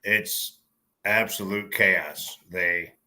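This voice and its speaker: Dude co-hosting a beer podcast, cussing and joking, low but super sharp voice. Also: male voice, fairly even intonation, very slow. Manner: joking, profane banter. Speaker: podcast co-host. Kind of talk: casual chat over beers.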